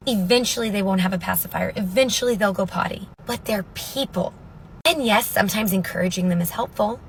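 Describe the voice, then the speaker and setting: A woman in her thirties telling a parenting story to camera in a chatty, animated way. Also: medium pitch, slight background noise. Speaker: parenting content creator.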